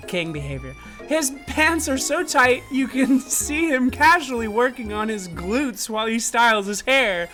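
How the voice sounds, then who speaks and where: A woman's voice: high-pitched, a little slow, hardly any pauses, a bit bright, faint music behind. A young woman streamer giving giggly, gushing let's-play commentary as she reads a story game aloud. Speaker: gaming streamer.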